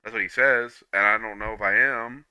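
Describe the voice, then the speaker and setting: A young man rambling through a personal monologue, halting with frequent restarts and repeats, swearing freely, on a dull lo-fi recording. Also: fairly low pitch, steady tone, pushed and bright, clean tone, no echo.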